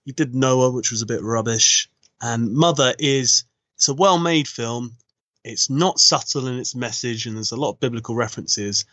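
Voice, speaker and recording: A man's voice: medium pitch, moderate pace, bright, forceful tone, dry recording, highs cut off. A man co-hosting a casual film podcast, reading reviews aloud in an easygoing, hesitant way.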